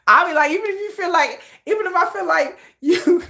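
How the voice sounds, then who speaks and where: A woman's voice: high-pitched, very animated, normal speed, sharp tone. A woman hosting a casual livestream, teasing her chat and laughing often. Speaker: livestream host.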